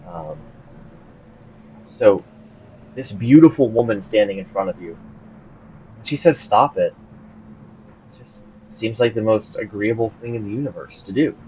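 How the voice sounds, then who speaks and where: A man narrating as game master of a tabletop game, halting with many fillers and restarts. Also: fairly low pitch, dark tone, a little hiss or hum, rough recording.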